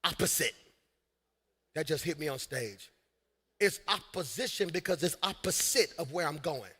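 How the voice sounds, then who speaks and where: A man preaching in a large church hall, with a high, bright, cutting voice. He works the crowd and builds to shouted peaks. A long reverb trails every line. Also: moderate pace, breathy edge. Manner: energetic preaching with shouted peaks and call-and-response asides. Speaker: senior pastor. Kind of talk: live sermon.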